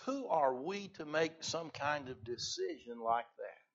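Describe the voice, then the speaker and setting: A man preaches in a fairly high voice, building to loud emphatic peaks and then sinking back to a quiet, intimate level. The recording is dull and lo-fi, with muffled highs. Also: lively intonation, unhurried. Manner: swells loud on key phrases, then drops low. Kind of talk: sermon.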